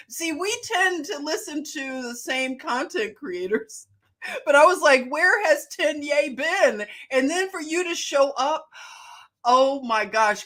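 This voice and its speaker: Philly-accented woman hosting a live chat, slow and easy, a bit high-pitched, greets everyone by name. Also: a bit bright. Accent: Philadelphia. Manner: greets viewers by name, laughs often. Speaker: livestream host. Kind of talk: casual livestream chat.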